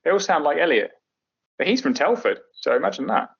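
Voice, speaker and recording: A middle-aged man trades sardonic jokes and rambling anecdotes in a casual podcast chat. His voice sits a little high. The sound is dull and lo-fi, like an online call. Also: big pitch swings, brisk, gravelly, breathy edge. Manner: sardonic, jokey storyteller. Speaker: podcast guest.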